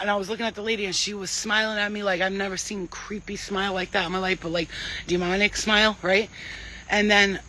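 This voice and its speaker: A woman's voice: mid-range voice, flat delivery, fast, sharp tone, a little hiss or hum, low-quality recording. A woman psychic medium giving a casual spiritual reading and telling stories in a blunt, chatty way, swearing freely.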